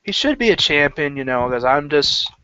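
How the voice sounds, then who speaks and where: A man's voice: a little high, very animated, moderate pace, pushed and bright, clear, resonant tone. A man giving casual predictions about wrestling matches in a rambling way, full of fillers and self-corrections. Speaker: wrestling pundit. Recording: dull lo-fi recording.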